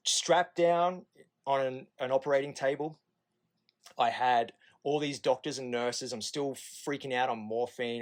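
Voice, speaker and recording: Candid Australian man telling a story. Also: mid-range voice. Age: 30s. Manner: candid and profane, acting out the nurses in quoted asides. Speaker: podcast guest. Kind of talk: casual storytelling.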